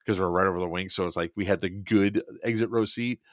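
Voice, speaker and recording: A man's voice: low voice, fast, no echo, lo-fi sound. A man co-hosting a podcast, telling a long funny story in a casual chat and quoting people back and forth. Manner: animated anecdote-telling, quoting others in dialogue. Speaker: podcast co-host.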